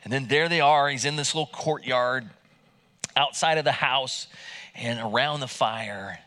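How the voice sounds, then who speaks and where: A man's voice: medium pitch, unhurried, pushed and bright. A man preaching a sermon in a conversational way, retelling scripture with many restarts and acting out the quoted lines. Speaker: pastor.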